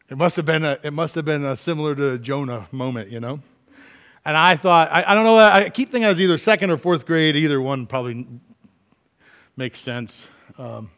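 A middle-aged man preaching a sermon, animated, acting out quoted complaints with big swings from quiet to loud. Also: mid-range voice. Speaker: pastor.

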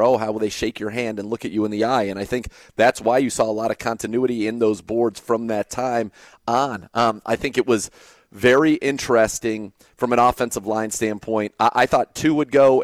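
A man co-hosts a sports talk show, speaking steadily and conversationally in a brisk, mid-range voice with no room sound. He backs up his co-host with short agreements.

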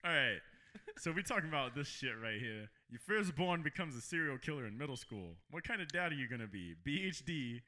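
Blunt, bright-voiced man cracking jokes. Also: medium pitch, sing-song, a little fast. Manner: blunt, joking, swears freely. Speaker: podcast co-host. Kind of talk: casual chat.

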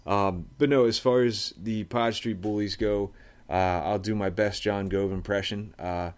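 A man's voice: fairly low pitch, fairly even intonation, unhurried. A man hosting a casual sports podcast, joking around with lots of fillers and laughter. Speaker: podcast host.

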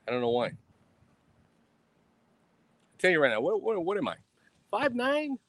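Profane swaggering streamer, lively swinging voice. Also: male voice, sits high, normal speed, no echo. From Texas. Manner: profane, boastful, swaggering talk. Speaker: livestreamer. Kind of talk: casual rambling livestream rant. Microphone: streaming mic.

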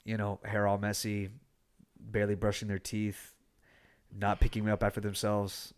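Brief: young male podcast host, lowish voice, blunt and profane, animated storyteller. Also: normal speed, clear, resonant tone. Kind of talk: casual chat.

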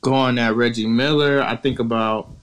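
Mid-pitched man, reflective co-host recalling memories. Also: fairly even intonation, moderate pace, fairly bright tone, poor audio. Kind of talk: casual sports chat.

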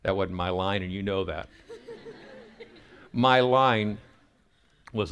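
Low-voiced man telling a sermon story. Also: takes it slowly, pauses often, smooth. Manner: acts out family dialogue in a lively storytelling way. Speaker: pastor.

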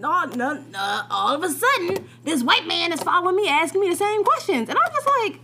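A young woman co-hosting a podcast, telling a story in casual, profane, animated chat. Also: extremely high pitch, fairly quick, a little hiss or hum. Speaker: podcast co-host.

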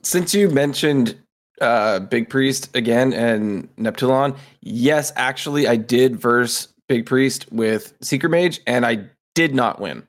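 A man's voice: mid-range voice, slow. Guy chiming in with short matter-of-fact remarks about card games. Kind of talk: casual gaming chat.

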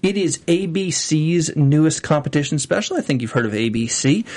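Young guy hosting a tv recap show, kinda high voice, super enthusiastic and emphatic, casual. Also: expressive, a little mellow. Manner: enthusiastic, emphatic, talks in quick bursts. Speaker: after-show co-host. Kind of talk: casual chat.

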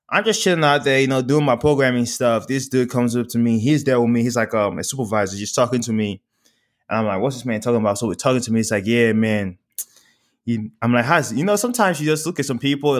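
Animated young man telling a story. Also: medium pitch. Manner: animated storyteller, swearing, laughing. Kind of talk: casual storytelling chat.

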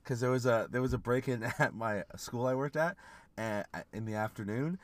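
Animated Canadian man telling stories. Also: medium pitch, normal speed, no echo. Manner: animated storyteller, swears, laughs often. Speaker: podcast co-host. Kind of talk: casual chat.

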